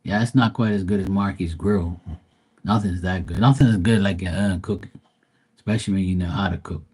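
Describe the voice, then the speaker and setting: Male streamer, husky voice, loose profane storyteller. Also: low-pitched, fairly even intonation, brisk, a little mellow. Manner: profane, rambling,喜 joking. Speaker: livestream tarot reader. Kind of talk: casual livestream storytelling.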